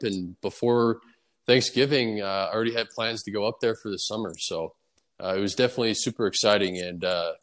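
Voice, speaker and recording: A young man talks through his answers in an unhurried, casual way, dotted with fillers and restarts. His voice sits fairly low, and a long reverb hangs behind it, as if he were speaking in a large, echoing room. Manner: relaxed, easygoing storytelling with many fillers. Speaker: guest baseball player.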